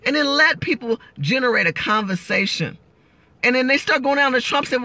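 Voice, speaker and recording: An emphatic woman hosts a political livestream and answers viewer comments in a preachy, emotional manner. Her voice is bright and forceful. The recording is close and dry, with no room sound. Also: high voice, sing-song, normal speed, no room sound.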